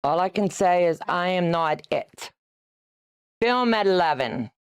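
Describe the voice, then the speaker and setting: With a fairly low, smooth voice, lively intonation, and a measured pace, a sixty-something woman runs a quilting livestream. She sews and chats casually, teasing viewers, greeting them by name, reading comments aloud, and laughing often.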